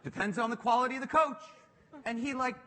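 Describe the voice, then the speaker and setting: A middle-aged man on stage telling a lively, self-mocking story and laughing through his lines. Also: extremely high pitch, fast, in a large hall. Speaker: panel guest. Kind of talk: animated onstage storytelling. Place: stage at a public talk.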